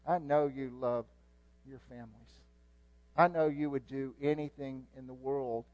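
A man preaching a sermon, earnest, stressing key words slowly and letting phrases trail off quietly. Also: medium pitch, rough recording.

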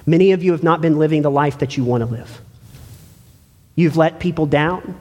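A man preaching a sermon in a church, earnest and pleading, swinging between loud emphasis and hushed words. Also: on the high side, moderate pace. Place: church sanctuary. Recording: long hall reverb.

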